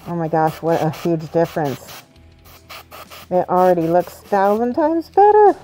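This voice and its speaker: This woman's voice sits on the lower side, mellow and very animated, and she talks a little slowly. She hosts a livestream where she paints models, chatting casually as she works, thinking out loud and laughing a lot.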